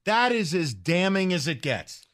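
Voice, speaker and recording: A man with a somewhat high voice co-hosts a sports talk show, making blunt, emphatic points and ribbing his colleagues. The recording is dry and close. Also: very animated, a little slow, fairly bright tone, dry recording. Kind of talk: lively sports debate.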